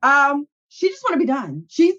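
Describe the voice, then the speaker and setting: A woman's voice: sits high, sing-song, normal speed, a bit bright, highs cut off. A woman co-hosting a casual podcast, recapping a reality show in a blunt manner, swearing freely. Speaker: podcast co-host.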